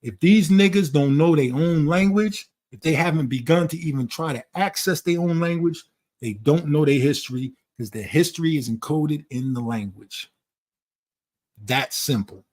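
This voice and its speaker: A man's voice: a little high, normal speed, a little mellow. A man talking in a blunt, profane, lecturing way during a casual conversation. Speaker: channel host.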